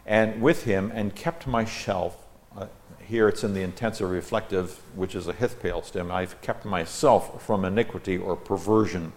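A Bible teacher works through a psalm verse by verse, reading each line, explaining the Hebrew words and stressing the key lines. He has a low, steady voice at a normal speed.

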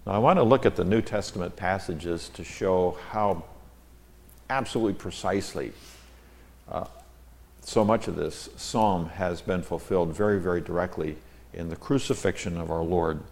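Low-voiced man teaching a Bible lesson. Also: big-room sound. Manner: reads verses with rising emphasis, slows for stress; explanatory asides with fillers. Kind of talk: Bible lesson, reading scripture aloud with commentary.

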